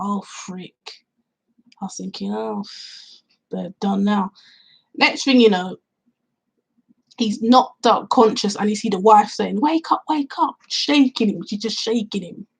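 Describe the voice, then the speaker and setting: A woman chats through a film's plot for her vlog, her voice slightly husky and breathy at an ordinary middle pitch. She rambles step by step, piling on fillers and acting out her own reactions as she goes. She talks outdoors on a cool day. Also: poor audio. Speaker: film reviewer. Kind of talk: casual spoken film review.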